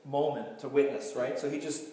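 A man's voice: mid-range voice, normal speed. A man, a pastor giving a conversational, emphatic sermon in a large hall. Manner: conversational, emphatic, animated storytelling. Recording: echoey hall sound.

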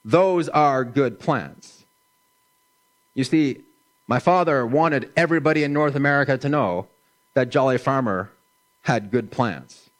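A middle-aged man preaching a sermon in a slow, gentle, measured way, dropping his voice softly for emphasis. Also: mid-range voice. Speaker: pastor.

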